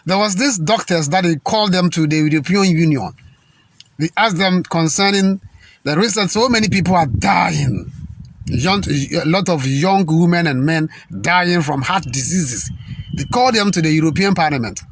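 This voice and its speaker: A man from Ghana, delivering an indignant political rant full of halting restarts and repetition. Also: a little high, a little hiss or hum. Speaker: political commentator.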